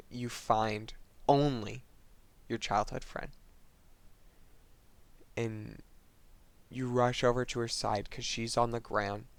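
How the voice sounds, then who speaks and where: A man earnestly retelling a video game's story, halting and restarting, his voice often dropping soft. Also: medium pitch, smooth, no room sound. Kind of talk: emotional retelling of a game plot.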